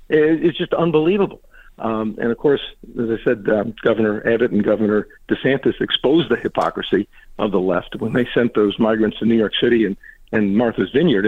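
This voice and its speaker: Phone-in radio guest, male, mid-pitched, emphatic and indignant, dry tinny line. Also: slightly rough, dry recording. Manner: emphatic, indignant, quick asides. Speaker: political guest. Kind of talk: radio interview answers.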